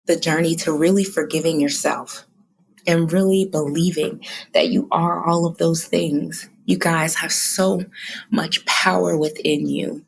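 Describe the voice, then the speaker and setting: A woman's voice: deep voice, vocal fry, husky. A woman in her thirties, a podcast host, talking earnestly about her own healing and holding back tears. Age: 30s. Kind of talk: personal confessional talk.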